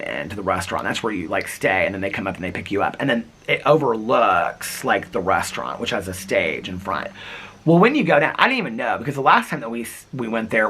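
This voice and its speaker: A man's voice: mid-range voice, bright, forceful tone, husky, poor audio. A man vlogging casually, gushing and chatty, retelling a night out with lots of "like" and "she goes" quotes. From United States. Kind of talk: casual storytelling vlog.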